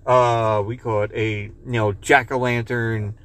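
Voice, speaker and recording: A man's voice: medium pitch, little pitch movement, a little slow. A man hosting a podcast in casual chat, rambling loosely, swearing and reading a joke aloud. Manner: rambling, loose, swears and laughs at own jokes. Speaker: podcast host.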